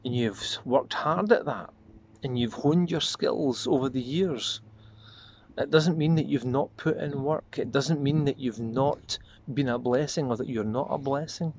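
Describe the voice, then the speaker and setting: Male pastor, earnest devotional tone, reflective refrains, slightly muffled recording with faint hiss. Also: mid-range voice. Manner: earnest, slows and softens on repeated refrains. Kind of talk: devotional sermon. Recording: slightly dull lo-fi audio with faint noise.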